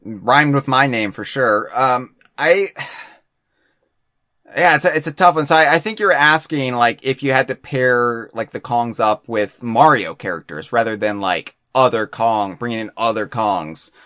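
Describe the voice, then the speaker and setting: A man's voice: mid-range voice, unhurried, bright, forceful tone, no echo, clean studio sound. A man hosting a podcast in casual chat, rambling and self-deprecating, often stumbling over his words. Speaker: podcast host.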